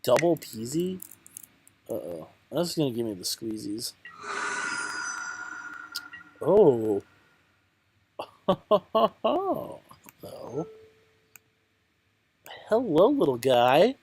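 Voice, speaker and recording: A man's voice: mid-range voice, big pitch swings, very slow, long pauses, noisy background. A man giving casual, rambling commentary on his card game, muttering to himself, counting aloud and mocking his own bad luck. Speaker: channel host playing a card game.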